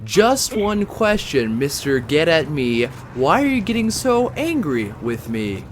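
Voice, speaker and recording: A man's voice: a little high, sing-song, measured pace, a little hiss or hum. A man trolling in in-game voice chat, goofy, mock-polite and condescending. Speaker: online gamer trolling in voice chat.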